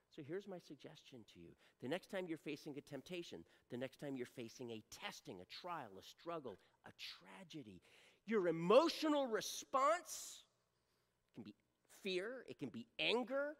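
A pastor preaching a sermon to a congregation, swinging from loud exhortation down to a hushed near-whisper and often checking in with the listeners. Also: medium pitch, sing-song, normal speed, big-room sound. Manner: direct address to congregation, repeated rhetorical checks.

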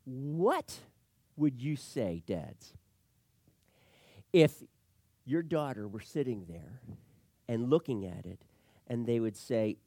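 A middle-aged man delivers a sermon as a pastor, his pitch rising and falling widely. He moves from loud emphatic lines to hushed asides. The sound is dry and close. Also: lively intonation, slow pace, pauses often, no echo.

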